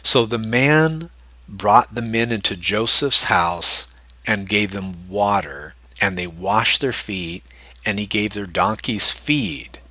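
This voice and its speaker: A man reading scripture aloud and breaking in with casual, animated asides to explain it. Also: on the low side, slow, no echo. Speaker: Bible study teacher.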